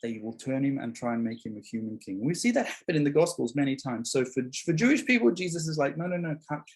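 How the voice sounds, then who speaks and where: Husky-voiced man preaching a sermon. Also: medium pitch, fast talker. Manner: conversational, animated, acts out voices of biblical figures. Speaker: pastor. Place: church.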